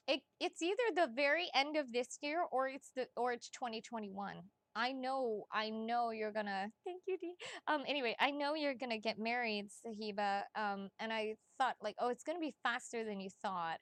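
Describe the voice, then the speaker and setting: Bubbly, giggly high-voiced woman. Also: fairly bright tone, dry recording. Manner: bubbly and giggly, chatty, talks fast with asides. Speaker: psychic reader, livestream host. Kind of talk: casual livestream chat.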